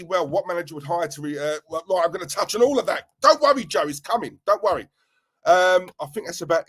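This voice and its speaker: A middle-aged man, casually chatting on a livestream and giving loud shout-outs to his viewers. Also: on the high side. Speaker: livestream host.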